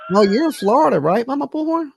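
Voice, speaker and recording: A man hosting a casual call-in stream, talking bluntly in slang and cursing, jumping from high exclaims to low mutters. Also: lively intonation, quick pace, gravelly, noisy background. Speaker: livestream host. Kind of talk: casual call-in chat and commentary.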